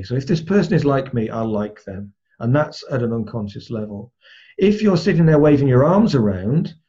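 A man's voice: mid-range voice, dark tone, husky. Man teaching in a dull lo-fi recording. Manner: conversational, explains with everyday examples. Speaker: trainer. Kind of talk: spoken lesson on rapport.

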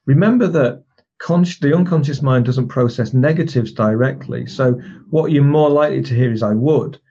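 A man's voice: mid-range voice, normal speed, warm tone, husky, highs cut off. A man teaching a recorded lesson as a trainer, explaining techniques step by step with demonstration phrases and frequent restarts.

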